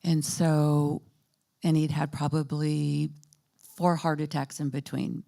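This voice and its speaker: A woman in her fifties or sixties speaks softly in a low, gravelly voice with a dark, mellow tone. She gives a personal testimony to a church gathering, pausing often and filling the gaps with soft fillers. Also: flat delivery. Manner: halting and soft-spoken, with many pauses and fillers.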